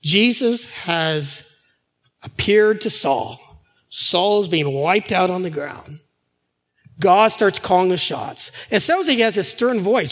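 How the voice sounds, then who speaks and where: Husky animated male pastor. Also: sits high, slow pace, in a large hall. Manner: conversational, animated storytelling with fillers. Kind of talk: sermon.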